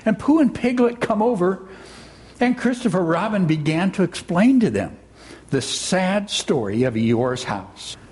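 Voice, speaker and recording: Male storyteller, slightly high voice, very animated, slow and expressive retelling. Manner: expressive, musing, unhurried. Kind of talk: retelling a children's story aloud.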